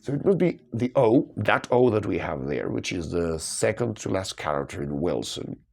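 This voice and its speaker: With big pitch swings over a low, darkish voice touched by vocal fry, a man works through cryptic crossword clues at a moderate pace. He muses and questions himself aloud, now and then erupting with delight as a puzzle clicks.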